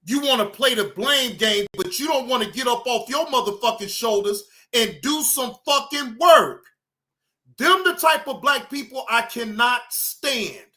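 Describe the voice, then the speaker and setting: A man hosting a live stream, ranting loudly and profanely at his audience, often shouting. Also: very high-pitched, animated, normal speed, few pauses. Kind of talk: heated ranting commentary.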